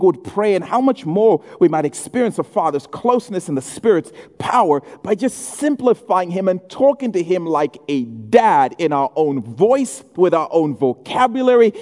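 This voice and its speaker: A man preaching a sermon in a church hall, telling stories with humor and doing quick impressions. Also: high-pitched. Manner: humorous, animated storytelling with impressions. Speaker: pastor. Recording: echoey hall.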